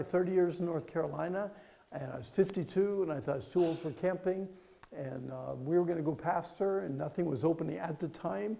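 A preacher in his fifties tells a story from the pulpit, his voice gravelly and a touch high for a man. He drops to a hush, then builds to loud, emphatic peaks. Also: poor audio. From Pennsylvania. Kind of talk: sermon with personal story.

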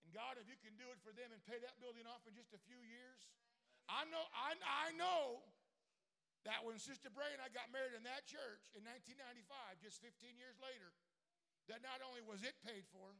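A man preaching a sermon as pastor, moving from quiet storytelling to shouted, fervent preaching. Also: extremely high pitch, vocal fry.

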